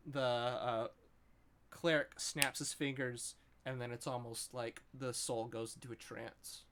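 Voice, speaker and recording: A man's voice: mid-range voice, level tone, takes it slowly, fairly bright tone, slight background noise. A man narrating as game master, describing the scene with frequent ums.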